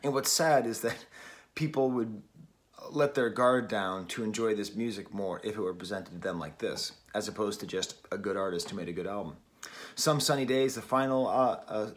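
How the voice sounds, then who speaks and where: Early one morning at home, a record reviewer from New England gives a wry, casual take on an album, frequently laughing at himself. He talks on the low side at normal speed, picked up by a camera mic.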